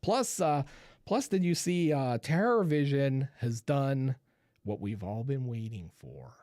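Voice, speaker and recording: A man's voice: medium pitch, lively intonation, slow, warm tone, no echo, clean studio sound. A man hosting a live horror chat show, talking loosely with viewers, laughing often and restarting his sentences. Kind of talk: casual livestream chat.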